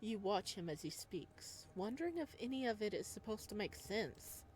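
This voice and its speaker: A woman playing a game, reading its narration aloud and reacting excitedly, talking back to the character. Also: mid-range voice, normal speed, slight background noise. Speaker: game player.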